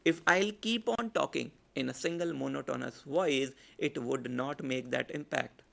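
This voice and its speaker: Gravelly Indian-accented male speaking coach. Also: mid-range voice. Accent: Indian English. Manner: demonstrates loud, soft, fast and slow delivery. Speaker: public speaking trainer. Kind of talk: online lecture.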